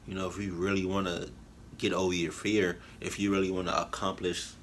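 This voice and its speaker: A man giving halting, emotional commentary on a reaction video, full of fillers and restarts. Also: deep voice, flat delivery, a little hiss or hum. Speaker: YouTube reactor. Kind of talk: rambling heartfelt commentary.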